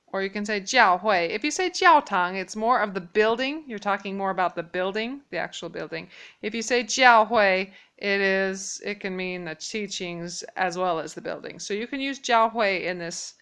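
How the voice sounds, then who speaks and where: Smooth-voiced woman teaching Mandarin. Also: medium pitch, fairly bright tone. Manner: patient, repeats Mandarin phrases slowly and clearly. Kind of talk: casual spoken language lesson.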